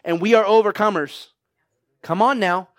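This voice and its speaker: A man's voice: high voice, moderate pace, a bit bright, dry recording. A man preaching a sermon to his congregation, exhorting them and asking "right?" and "come on now" over and over. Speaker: pastor.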